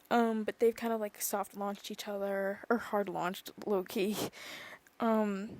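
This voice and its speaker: A woman's voice: fairly high pitch, darkish tone. A young woman chatting casually on her own podcast, rambling and gushing with many fillers, sometimes dropping to a whisper. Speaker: podcast vlogger. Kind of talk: casual chat.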